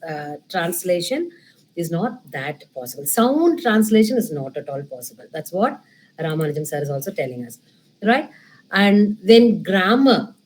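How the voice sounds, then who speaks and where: A woman's voice: mid-range voice, darkish tone. A middle-aged woman, giving a classroom lecture and often checking in with "right?".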